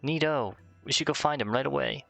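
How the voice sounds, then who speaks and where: A man's voice: medium pitch, brisk, vocal fry, fairly bright tone, dry recording, faint music behind. A man voicing an earnest, polite young boy hero. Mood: eager. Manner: polite, eager.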